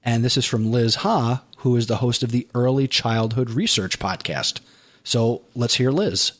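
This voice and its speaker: Man, podcast host, casual chat, chatty, spells out links slowly, mid pitch. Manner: chatty, slows down to spell out web addresses.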